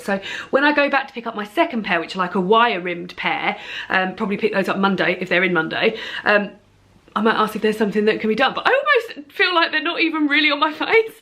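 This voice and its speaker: A young book vlogger chats to camera at home about her reading plans, her voice fairly high, bright and forceful. She's giggly and talkative, with lots of ums and restarts.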